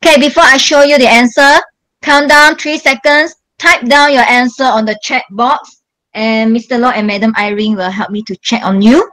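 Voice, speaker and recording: A woman's voice: on the high side, steady tone, a bit bright, low-quality recording. A woman, a teacher going patiently through exam questions in an online class, stressing each instruction. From Malaysia. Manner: slow, patient, emphatic instructions to pupils. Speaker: primary school English teacher.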